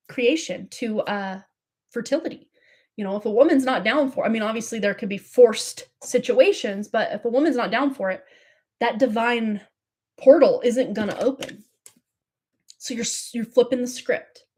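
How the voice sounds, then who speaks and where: A woman's voice: on the high side, a little mellow. A woman giving a live tarot reading in a chatty, rambling way, laughing often. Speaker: tarot reader.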